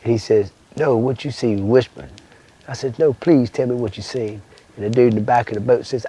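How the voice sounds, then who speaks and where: An older Louisiana man with a bayou accent spins a rambling, folksy story in an interview, swearing often and acting out voices. His medium-pitched voice moves at a quick pace with vocal fry, and there's a little hiss or hum.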